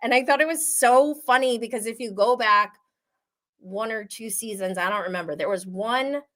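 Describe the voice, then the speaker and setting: A woman hosting a casual reality TV recap, gossipy and animated, often laughing. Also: fairly high pitch, moderate pace. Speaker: host.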